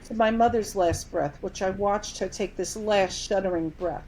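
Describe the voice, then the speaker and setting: A woman speaks as a guest in a casual interview, telling a story with lively energy and acting out each quoted line. Her voice sits at an ordinary pitch, and a faint hiss runs under the recording. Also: normal speed, low-quality recording. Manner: animated storyteller, acts out quoted dialogue. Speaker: medium and company CEO, podcast guest.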